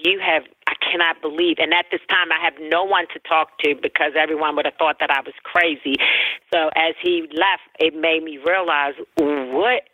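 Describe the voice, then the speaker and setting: Woman guest on a phone line, animated storyteller, voices the other people in her story, tinny dry sound. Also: sits low, normal speed, no room sound. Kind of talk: personal storytelling interview. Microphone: telephone.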